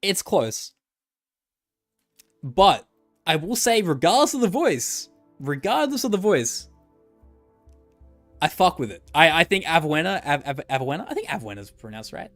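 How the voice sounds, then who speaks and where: Streamer type: chatty guy, lively up-and-down delivery, swears casually, faint music under him. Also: on the high side, fairly quick. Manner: rambling, joking, swears freely. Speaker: gacha game streamer. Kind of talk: casual livestream commentary. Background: faint background music.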